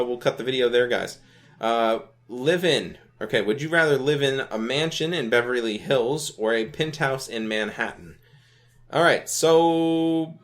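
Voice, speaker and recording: Young male gaming host, laid-back rambling delivery, ordinary mid-range voice. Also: mid-range voice. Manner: rambling and laid-back, keeps adding "you know what I mean", swears casually. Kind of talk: casual commentary on a browser game.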